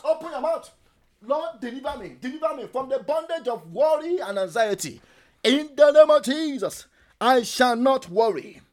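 A man leading a prayer meeting sermon, emphatic and repetitive, swinging between soft and loud, at times speaking in tongues. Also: extremely high pitch. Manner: speaks in tongues while praying. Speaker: prayer leader.

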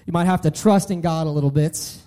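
A man's voice: on the high side, fairly quick, warm tone. A young man giving an earnest sermon, often restarting and repeating his phrases. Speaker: preacher.

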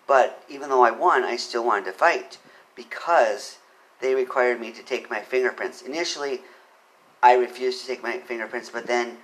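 A man giving spoken commentary on a legal case, earnest, reading quotes quickly and pressing his points with emphasis. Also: medium pitch, fairly bright tone, rough recording. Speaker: commentator on court cases.

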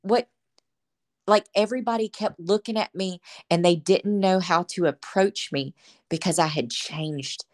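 A woman's voice: fairly low pitch, a little slow. A woman as a podcast guest, telling her faith testimony in earnest, emotional storytelling. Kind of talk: personal faith testimony in conversation.

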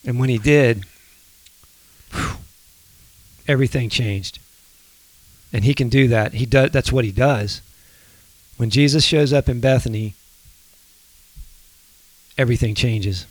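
A man co-hosting a faith podcast, speaking in a soft, reflective, halting way. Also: mid-range voice. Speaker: podcast co-host.

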